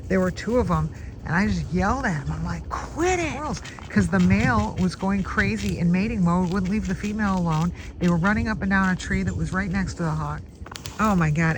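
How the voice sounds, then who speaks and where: A vlogger outdoors in a backyard, casually telling a rambling story with asides and restarts. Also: medium pitch. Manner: chatty, digressive, with many restarts and asides. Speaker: backyard bird-watching vlogger. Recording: steady outdoor background noise.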